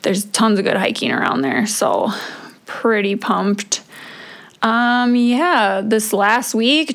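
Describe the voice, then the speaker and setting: A woman's voice: on the high side, a bit bright. Chatty, profane woman podcast host. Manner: chatty and profane, many "like" fillers. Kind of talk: casual solo podcast chat.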